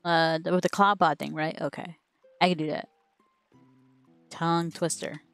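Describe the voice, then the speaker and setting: Giggly woman streamer, low voice. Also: flat delivery, moderate pace, fairly bright tone, soft background music. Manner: giggly, stumbling over a tongue twister. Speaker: game streamer. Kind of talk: casual live-stream chat. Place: home streaming setup.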